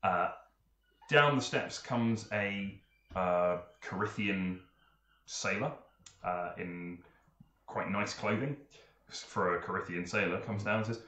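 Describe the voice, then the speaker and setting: A man's voice: low voice, slow pace, pauses often, fairly bright tone, dull audio. Man running a tabletop game in an echoey room. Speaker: game master.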